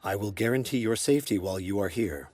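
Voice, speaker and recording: An actor voicing a towering, gentle golem lord who speaks slowly and solemnly in an anime dub. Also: male voice, fairly low pitch, animated. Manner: slow, measured and solemn.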